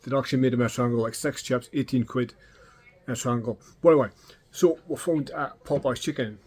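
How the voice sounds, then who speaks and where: A man's voice: medium pitch, fairly even intonation, a little fast, a little mellow, slightly rough. A middle-aged Scottish man telling casual, swearing anecdotes and acting out the dialogue. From Scotland. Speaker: vlogger. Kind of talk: casual storytelling.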